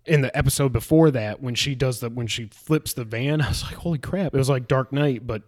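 A man's voice: mid-range voice, fairly quick. A man in casual chat, recapping a show and acting out its scenes in a raised voice. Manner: animated retelling, acts out scenes in a raised voice.

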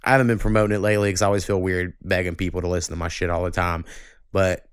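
A man hosting a casual podcast, ranting and swearing freely, getting animated when annoyed. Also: sits low, rapid-fire, clean tone, dry recording, studio quality. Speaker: podcast host.

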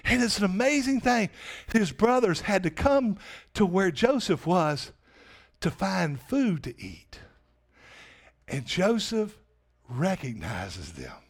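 A man's voice: sits high, lively intonation, slow pace, pauses often. A man pastor delivering a sermon in emphatic preaching that swells on repeated questions.

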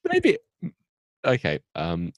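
A man's voice: sits low, wildly swooping pitch, slow pace, no echo. A young man recapping a TV episode in a rambling, self-interrupting comic way on a podcast. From United Kingdom. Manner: rambling, self-interrupting, acts out characters in goofy voices.

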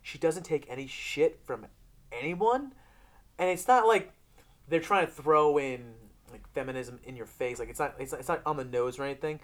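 A podcast co-host chatting casually about a TV series. The talk rambles, full of swearing and lively acted-out retellings. The voice sits at a middle pitch. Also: normal speed. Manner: profane, rambling, with animated retellings. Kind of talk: casual chat reviewing a TV series.

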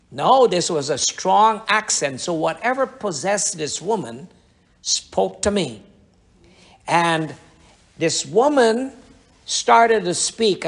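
A male preacher telling a story from the pulpit in a somewhat high voice. He rambles and circles back, repeating phrases as he builds his testimony. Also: creaky, a bit bright. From Guyana. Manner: rambling, repetitive testimony with restarts. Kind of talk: sermon storytelling.

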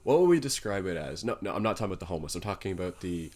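Joking low-voiced man telling a story. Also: sing-song, rapid-fire, darkish tone. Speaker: podcast co-host. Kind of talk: casual chat, storytelling.

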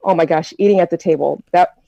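A woman's voice: fairly low pitch, fast talker, vocal fry, mellow, no room sound, dull audio. An American woman telling stories in a casual group discussion, chatty and reflective with plenty of fillers. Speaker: discussion participant.

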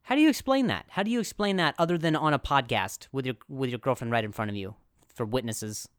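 A man hosting a podcast, telling a comic story in an animated, self-deprecating way, laughing often and jumping into high put-on voices for quotes. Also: fairly quick, no room sound, clean studio sound. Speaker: podcast host. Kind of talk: comedic storytelling.

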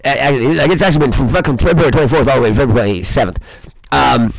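A man's voice: medium pitch, very fast, creaky, no room sound, soft background music, rough recording. A man hosting his own show, delivering a rambling, swear-filled comedic monologue in a boisterous way. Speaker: host of a crude comedy show.

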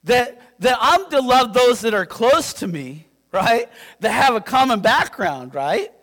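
A man from Yakima preaching a sermon as pastor, animated and conversational, checking in with his listeners. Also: very high-pitched, measured pace. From Yakima, Washington. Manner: animated, conversational, keeps asking "right?". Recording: long reverb in a hall.

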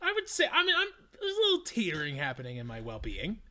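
Loud, excitable young podcast man. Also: a little high, fairly quick. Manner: loud, excitable, self-mocking rants. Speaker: podcast co-host. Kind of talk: casual podcast chat.

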